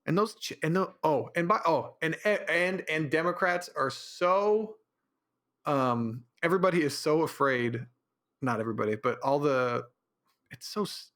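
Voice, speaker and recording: A man's voice: fairly high pitch, measured pace, a bit bright. Rambling opinionated man on a podcast. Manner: rambling, opinionated, ranting with restarts. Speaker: podcast host. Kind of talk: casual solo podcast monologue.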